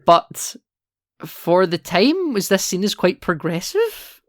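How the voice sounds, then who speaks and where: A man's voice: high-pitched, big pitch swings, slow pace, no echo, clean studio sound. A man co-hosting a podcast, chatting casually about films, explaining and laughing easily. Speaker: podcast co-host. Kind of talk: casual film chat.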